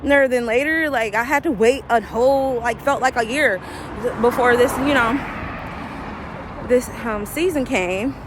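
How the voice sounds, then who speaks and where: A woman recapping a TV episode in a loose, chatty way, her voice sitting fairly high. She gets loud and shrill one moment and quiet the next. Traffic noise runs steadily behind her. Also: measured pace. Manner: animated and emotional, swings from shrieks to murmurs. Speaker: TV recap vlogger.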